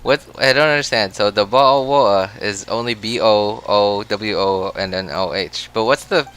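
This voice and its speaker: A game streamer chats casually on a livestream, rambling, restarting often and laughing a lot. His lowish voice is clear and resonant with a fairly bright tone, and he talks at a normal speed.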